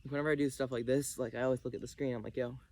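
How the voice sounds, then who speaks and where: A man's voice: medium pitch, level tone, racing, a little mellow. A man vlogging outdoors into his phone while hula hooping, rambling casually and a little out of breath. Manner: chatty, rambling, self-deprecating. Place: outdoors in a rural backyard. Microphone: phone camera.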